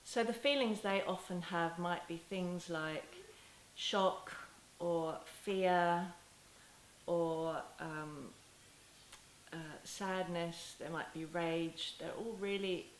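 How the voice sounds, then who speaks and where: In a talking-head teaching video, a woman who educates on parenting speaks in a lowish, steady-toned voice, unhurried and gentle. Her sentences often stop and start over, and she sometimes softens into tender words as if talking to a child. There's echo in the room and a faint hiss underneath.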